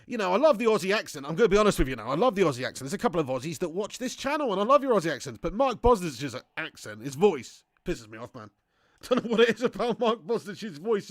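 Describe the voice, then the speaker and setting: A man streaming a football game live, commentating excitably and chatting with viewers. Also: fairly high pitch, no room sound, studio quality. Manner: excitable, swearing, chatty banter. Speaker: gaming livestreamer.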